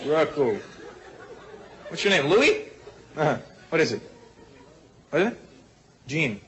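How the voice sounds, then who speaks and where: A man's voice: a little high, big pitch swings, slow pace. A man performing a stand-up routine on a club stage, teasing the audience. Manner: playful, teasing the crowd. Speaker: stand-up comedian. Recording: loud club crowd and noise.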